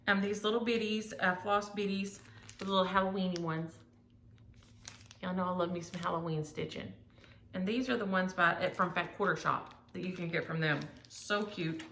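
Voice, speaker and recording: A woman's voice: fairly low pitch, steady tone, moderate pace, fairly bright tone, echoey room, a little hiss or hum. A woman, chatting casually in a gushing, scattered way while showing gifts at home. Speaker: flosstube vlogger. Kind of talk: casual chat showing mail.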